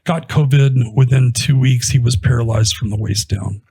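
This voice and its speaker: A man's voice: mid-range voice, normal speed, creaky, breathy edge. A man casually telling a story about a patient in an interview, retelling the conversations as he goes. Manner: conversational, animated retelling with quoted dialogue.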